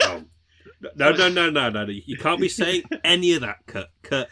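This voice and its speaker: Lively man riffing on a podcast. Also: on the high side, normal speed. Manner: riffing, laughing, stammering into silly put-on voices. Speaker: podcast co-host. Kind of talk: casual comedic chat.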